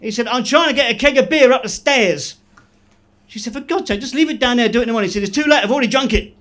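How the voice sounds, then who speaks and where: A man doing stand-up in a club, delivering one-liners deadpan, with the odd quick chuckle at his own jokes. His voice sits notably high for a man. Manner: deadpan joke delivery with quick self-laughs. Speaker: stand-up comedian. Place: comedy club stage.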